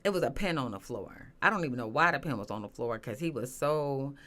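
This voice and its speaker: A woman's voice: extremely low pitch, expressive, brisk, a bit bright. A woman, a guest candidly telling a personal story, often saying "you know". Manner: earnest, candid, many "you know" fillers.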